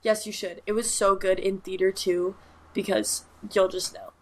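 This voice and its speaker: A woman's voice: medium pitch, level tone, moderate pace. A young woman co-hosts a casual podcast and rambles happily through a story. Her chat is loose and full of fillers. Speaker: podcast co-host.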